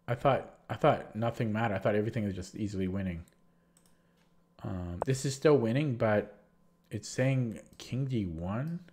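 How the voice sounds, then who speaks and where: A man's voice: fairly low pitch, normal speed, darkish tone. Rambling man with a sore throat. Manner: rambling, restarts sentences, retells anecdotes with quoted voices. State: sore throat, feeling sick. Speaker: chess streamer reviewing his games. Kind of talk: casual livestream game recap.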